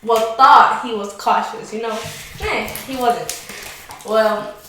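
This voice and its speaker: A woman's voice: fairly high pitch, takes it slowly, noisy background. A young woman in her late teens candidly telling a personal story in casual chat, talking with lots of likes and restarts. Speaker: vlogger. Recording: very echoey room, mic far off.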